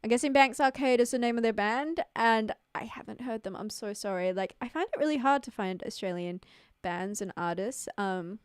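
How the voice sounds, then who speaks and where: A young woman rambles through a casual livestream chat, giggling and leaning hard on fillers. Her voice is smooth and clear, and the sound is close and dry. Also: a little high, normal speed, no echo. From New Zealand. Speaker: streamer.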